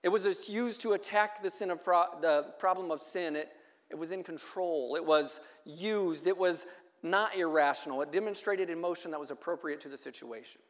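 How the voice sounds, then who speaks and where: A man preaching a sermon at a measured pace, reading scripture aloud in a church hall. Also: fairly high pitch. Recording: long echo of a hall.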